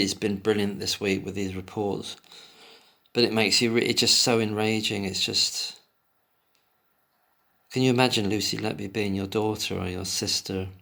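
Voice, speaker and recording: A man with a fairly low, gravelly voice and a bright, forceful tone delivers a solo commentary on an article. He reads passages aloud, then erupts into emotional, indignant tirades full of swearing, returning to the text and flaring up again and again.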